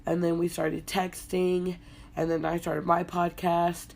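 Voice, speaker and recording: A young woman hosting a casual solo podcast, congested and hoarse from being sick, talking in a low-energy, laid-back way. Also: flat delivery, measured pace, darkish tone. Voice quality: hoarse, husky from illness. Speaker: podcast host.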